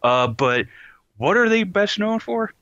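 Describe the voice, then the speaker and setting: A man co-hosting a podcast in casual chat, ranting in an animated, exasperated way with sighs. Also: sits high, a little slow, dull audio. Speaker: podcast co-host.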